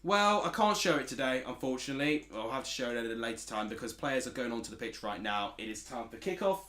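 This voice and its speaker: A man's voice: mid-range voice, lively intonation, fast talker, sharp tone, roomy sound. A man from Essex with an Essex accent, chatting casually as a streamer while watching football and reading out chat messages. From Essex, England.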